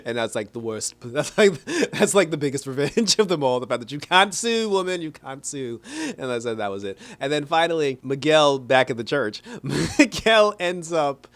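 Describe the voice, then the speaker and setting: A man recapping an episode in a casual video review, chatty and animated, often laughing. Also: on the high side, moderate pace. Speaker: show reviewer.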